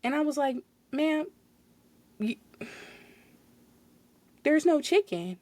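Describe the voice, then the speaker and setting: Animated young woman telling stories. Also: sits high, slow, dry recording. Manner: animated, exasperated retelling with laughs. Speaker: podcast host. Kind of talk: casual storytelling.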